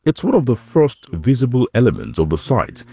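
A male reporter giving scripted news narration in a calm, clear storytelling manner. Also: mid-range voice, moderate pace.

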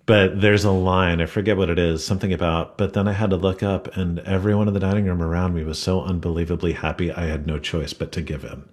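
A man with a very low, deep voice who talks reflectively in a radio interview. He tells long stories at an unhurried, thoughtful pace. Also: little pitch movement, a little mellow. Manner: reflective, storytelling. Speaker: restaurateur guest. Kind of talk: interview conversation.

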